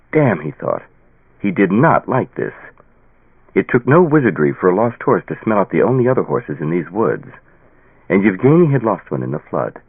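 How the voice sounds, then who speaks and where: A man narrating a fantasy audiobook in a measured, expressive reading. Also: lowish voice, vocal fry, breathy edge, no echo. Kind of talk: scripted narration. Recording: tinny phone-like dry sound.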